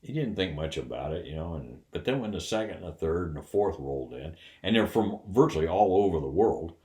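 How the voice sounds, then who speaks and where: Older guy with a low voice telling an old story, really swingy delivery, lots of chuckles, roomy echo. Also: a little fast. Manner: animated, acts out the voices of the people in the story; folksy, laughs while telling. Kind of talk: casual storytelling.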